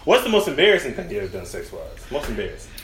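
A man's voice: mid-range voice, wildly swooping pitch, racing, a bit bright, a little hiss or hum. A man hosting a podcast, telling crude stories in casual chat and laughing as he goes. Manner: brash, crude, laughing storyteller. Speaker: podcast host. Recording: roomy echo.

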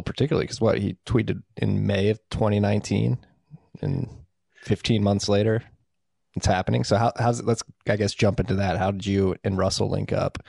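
A man's voice: fairly low pitch, gravelly, darkish tone, no echo, clean studio sound. A man hosting a podcast, asking questions in an easygoing, enthusiastic way. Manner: easygoing, enthusiastic praise of guest. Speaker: podcast host. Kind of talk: casual interview.

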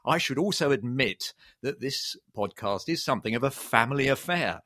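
A man's voice: mid-range voice, animated, moderate pace, bright, forceful tone, no room sound, studio quality. A man co-hosting a travel podcast, chatting in a wry way with many ums and uhs. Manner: chatty and wry, with frequent fillers. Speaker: podcast co-host. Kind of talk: casual chat.

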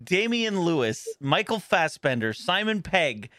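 A man's voice: high voice, sing-song, a little slow, fairly bright tone, no room sound, clean studio sound. A man co-hosting a casual podcast chat, loose and profane, laughing often and breaking off into restarts. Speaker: podcast co-host.

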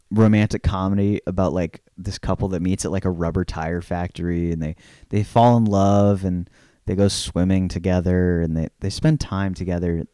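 A man's voice: sits low, mellow, no echo, studio quality. A young man co-hosting a casual film podcast, rambling and laid-back, swearing often with lots of fillers. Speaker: podcast co-host.

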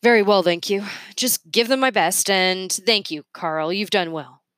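A woman voicing a dapper, kindly older gentleman who speaks in a gentle, reassuring, slightly formal way in a read-aloud storybook. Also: medium pitch, a little slow, no echo, clean studio sound, natural voice.

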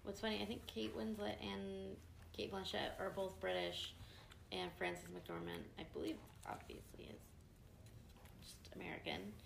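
Casually chatting as a podcast co-host, a young woman laughs as she reads out quiz questions in a playful way. Her mid-range voice is gravelly, unhurried and flat in delivery, recorded in an echoey room with faint hiss.

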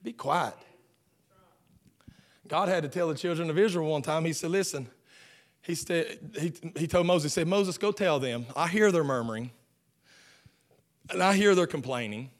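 A male pastor preaching a sermon, swinging from fervent shouting to hushed lines, often repeating words as he restarts. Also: a little high, normal speed.

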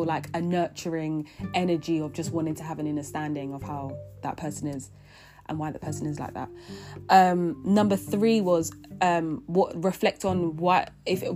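Guitar music plays beneath a young woman's lowish, darkish voice as she reflects on her feelings in a personal vlog. She rambles earnestly, restarting often and leaning on fillers.

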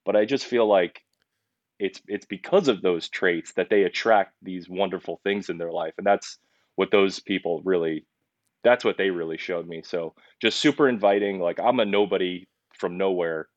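A man's voice: deep voice, normal speed, no echo, lo-fi sound. A young man, a podcast guest who owns a pizzeria, telling his story earnestly in a casual interview, with many restarts.

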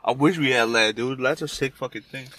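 A man's voice: mid-range voice, brisk, pushed and bright. A young man in casual chat, trading teasing jokes with friends. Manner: joking, teasing banter.

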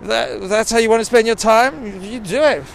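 A man's voice: extremely high pitch, normal speed, vocal fry, slight background noise. A man, telling a rambling personal story in a sweary, self-mocking way. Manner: sweary, self-mocking, digressive, with quoted put-on voices.

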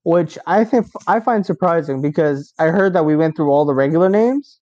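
A man's voice: a little high, expressive, normal speed, darkish tone, lo-fi sound. A young man co-hosting a casual podcast, rambling and joking and swearing freely. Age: young adult. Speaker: podcast co-host. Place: college dorm.

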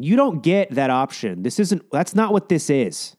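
A man's voice: a little high, sing-song, normal speed, a little mellow, dry recording, clean studio sound. A man giving casual reaction commentary, sarcastic and profane, mocking what he plays.

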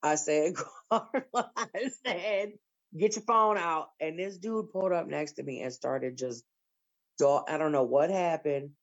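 A woman with a low voice tells stories in a casual group chat. She is blunt and heavy on profanity, and her voice jumps up when she acts out scenes. The sound is slightly dull and lo-fi. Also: unhurried. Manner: blunt, profane, animated storyteller.

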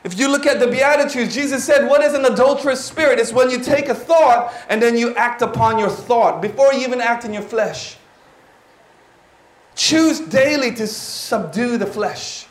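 High-voiced preacher in a roomy hall. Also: male voice, moderate pace. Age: 40s. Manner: animated, exclaiming, drops in Tagalog words. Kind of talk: sermon. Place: church hall.

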